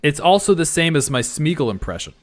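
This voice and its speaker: A young male streamer chats casually with his viewers and pokes fun at himself. His pitch moves around a lot as he rambles through restarted sentences. Faint music plays underneath. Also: very animated, fairly quick. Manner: self-deprecating, rambling restarts. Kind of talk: casual livestream chat.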